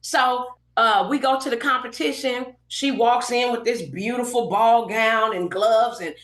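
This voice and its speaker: A woman's voice: fairly high pitch, a little slow. A middle-aged woman from Los Angeles, a podcast guest telling a story and acting out the lines of everyone in it. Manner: animated storyteller acting out quoted dialogue. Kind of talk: casual storytelling interview. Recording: roomy echoey podcast room.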